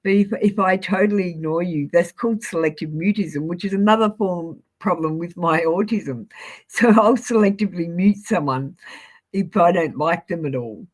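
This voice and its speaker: A woman's voice: lowish voice, moderate pace, a little mellow, rough recording. Blunt, sweary woman in her forties. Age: 40s. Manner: apologetic. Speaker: tarot reader. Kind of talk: live-stream tarot reading chat.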